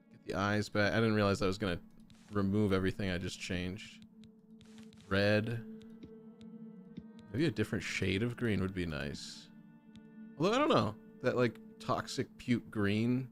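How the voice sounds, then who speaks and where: A man giving casual gameplay commentary as a streamer, chatty and breaking into excited oohs as he browses options. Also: fairly low pitch. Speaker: gaming streamer.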